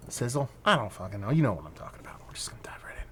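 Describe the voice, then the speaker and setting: A man's voice: medium pitch, sing-song, racing, whispered. A man giving a casual beer review, rambling loosely, swearing now and then, and correcting himself as he goes. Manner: muses aloud, trails off and corrects himself.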